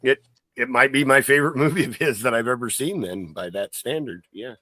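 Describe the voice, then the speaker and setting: A man's voice: mid-range voice, fairly quick, bright, forceful tone, no room sound. A man hosting a podcast, telling a rambling story in casual chat, full of fillers. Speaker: podcast host.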